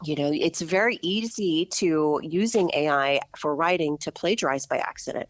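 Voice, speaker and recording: Gravelly low-voiced woman author. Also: no room sound. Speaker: guest author. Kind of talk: interview conversation.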